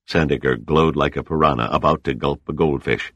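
A man reading an audiobook in a steady, measured scripted narration. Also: extremely low pitch, dry recording, studio quality.

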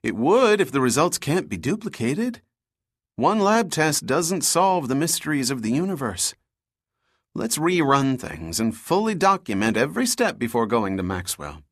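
A man's voice: mid-range voice, sing-song, normal speed, no room sound, pitched above the performer's own voice. A man voicing a wry, cautious lab scientist. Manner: dry, skeptical, urging caution.

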